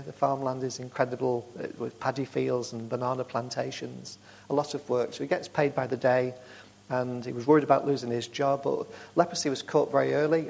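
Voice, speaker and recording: A man speaking to a church group, telling warm, rambling stories with frequent restarts. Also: mid-range voice, creaky. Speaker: charity speaker.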